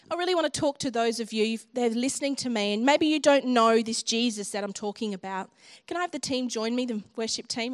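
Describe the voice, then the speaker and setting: A woman giving an earnest, personal sermon and altar call to a congregation. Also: sits high. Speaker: church speaker.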